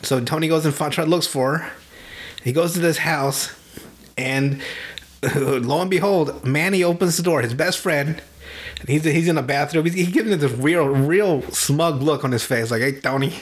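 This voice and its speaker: Animated, profane man recapping movies. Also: a little high, moderate pace. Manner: animated, profane storytelling with frequent laughter. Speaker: podcast host. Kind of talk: casual chat. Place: home. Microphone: online call.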